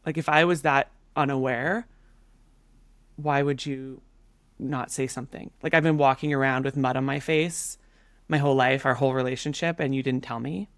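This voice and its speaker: Animated woman telling a story, dry sound. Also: extremely low pitch, normal speed, no echo. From Canada. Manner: animated, filler-heavy storytelling. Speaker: podcast guest. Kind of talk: casual storytelling.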